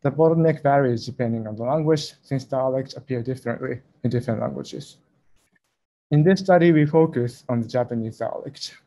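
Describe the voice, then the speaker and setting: A man's voice: mid-range voice, a little fast, warm tone. A young man presenting a research talk at a conference over a video call, speaking carefully and a little hesitantly.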